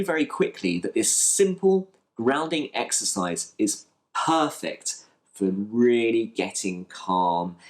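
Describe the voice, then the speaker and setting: Gentle low-voiced man teaching mindfulness. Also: creaky. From United Kingdom. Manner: gentle and reassuring, tag questions like okay and right. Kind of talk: instructional talk with guided practice.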